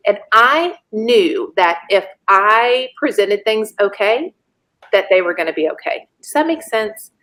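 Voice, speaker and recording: A woman, a podcast guest telling a personal story in a lively way and laughing often. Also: medium pitch, unhurried. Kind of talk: casual storytelling.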